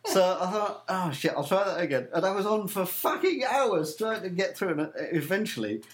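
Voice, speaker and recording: A man's voice: sits high, sing-song, normal speed. A man on a casual talk show, telling a story with swearing and laughter. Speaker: co-host. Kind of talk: casual chat.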